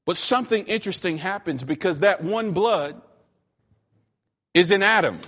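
Pastor, male, from Western North Carolina, emphatic sermon delivery with jokes, fairly high voice, long church reverb. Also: fairly bright tone. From Western North Carolina, USA. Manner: emphatic preaching, slows for scripture, joking asides.

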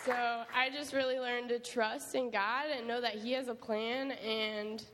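A young woman shares a personal testimony as a camp counselor, talking in a lively, chatty way with lots of quoted asides. Her voice sits on the higher side. It is heard in a reverberant hall with faint noise behind. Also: a little slow, a crowd in the background. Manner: animated storytelling with many likes and quoted asides.

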